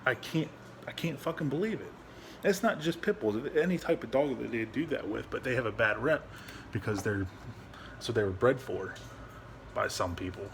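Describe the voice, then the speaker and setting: A veteran vlogger's voice, a bit bright, carries a casual, rambling home vlog where he speaks bluntly, swears often and keeps restarting sentences. He talks to his dog in a high baby-talk voice, over a little hiss or hum.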